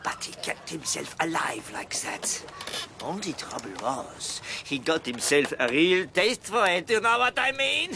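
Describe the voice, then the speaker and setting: An actor playing a mocking, half-mad sailor adrift in a lifeboat in an old radio drama, taunting the others. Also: male voice, on the high side, lively intonation, measured pace, vocal fry. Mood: sly. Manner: taunting, gloating, bursts of wild laughter. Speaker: shipwreck survivor in a boat. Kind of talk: vintage radio drama acting. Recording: noisy old radio recording.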